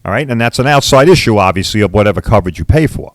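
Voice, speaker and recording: A man's voice: fairly low pitch, lively intonation, very fast, no room sound. Blunt New man ranting. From Long Island, New York. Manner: blunt, repetitive, peppered with "all right" and "right?". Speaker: podcast host and body shop owner. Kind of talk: casual podcast rant.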